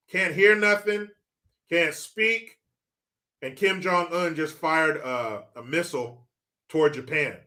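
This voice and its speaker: A man's voice: mid-range voice, pushed and bright. A man hosting a livestream with political commentary, mocking and swearing as he talks. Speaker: livestream host.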